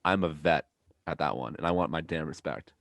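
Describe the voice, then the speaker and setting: A young man, hosting a casual podcast with low, deep tones. He tells stories in an animated way and swears freely. His voice sounds dry and close, with little room sound. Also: fairly quick, no room sound. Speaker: podcast host. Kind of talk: casual chat.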